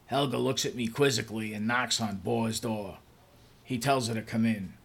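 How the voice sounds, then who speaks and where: A man's voice: mid-range voice, steady tone, normal speed, vocal fry, fairly bright tone, slightly rough. A man reading a first-person story in a dry, matter-of-fact way.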